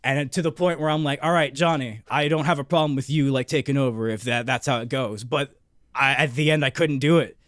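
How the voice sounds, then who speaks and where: A man co-hosting a podcast, telling a long, excitable story in casual chat with constant swearing and restarts. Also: mid-range voice, a little fast, dry recording, clean studio sound. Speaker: podcast co-host.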